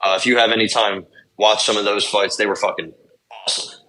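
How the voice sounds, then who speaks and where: A man's voice: lowish voice, fairly even intonation, sharp tone. Man rattling off fight recaps. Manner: rapid, swearing fight recaps with lots of fillers. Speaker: podcast co-host. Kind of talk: casual sports chat.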